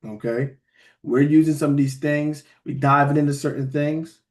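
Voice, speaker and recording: Guy teaching bible study, slightly high voice, rambly and casual, keeps asking "all right?". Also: steady tone. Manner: conversational, keeps checking in with listeners with "all right?" and "beloved"; loose, halting phrasing with restarts.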